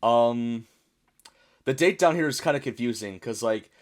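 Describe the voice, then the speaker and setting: A man's voice: mid-range voice, lively intonation, unhurried. Chatty American guy reacting to memes. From United States. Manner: chatty, puzzled, reads captions aloud, bursts of laughter. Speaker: YouTube reaction host. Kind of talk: casual reaction commentary.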